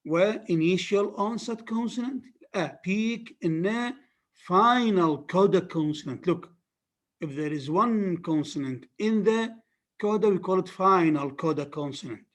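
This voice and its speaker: In an unhurried phonetics lecture, a man with an Arabic accent uses a high voice with lively intonation. He stresses and repeats key terms for students, restarting often.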